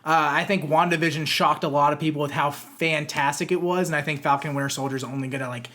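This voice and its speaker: A young man co-hosting a casual comics show, joking and rambling in quick asides. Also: on the high side, fairly even intonation, bright, forceful tone. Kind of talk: casual chat.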